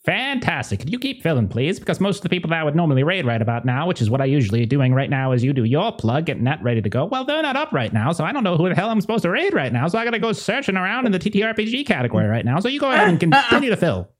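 Male GM doing a hammy transatlantic announcer, higher than his own voice. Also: big pitch swings, racing, hardly any pauses. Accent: transatlantic (put on). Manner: grandiose, theatrical, rambling. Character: man hamming a 1930s transatlantic announcer.

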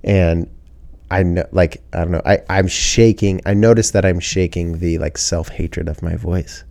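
A man's voice: low-pitched, steady tone, a little slow, vocal fry, darkish tone. A man hosting a podcast in casual chat, laid-back and joking, swearing freely. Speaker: podcast host.

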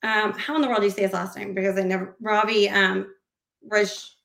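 Briskly and in a gravelly, medium-pitched voice, a woman talks as a podcast guest, bringing quoted dialogue to life with animation. Her casual speech rambles, full of fillers and restarts, and the audio is reverberant.

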